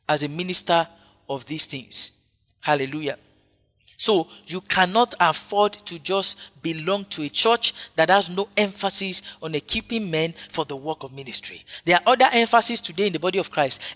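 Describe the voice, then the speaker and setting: Here a man with a high-sitting, sharp voice preaches emphatically, going over the same phrases again and again and dropping in frequent hallelujahs. It was recorded with long hall reverb and faint background music.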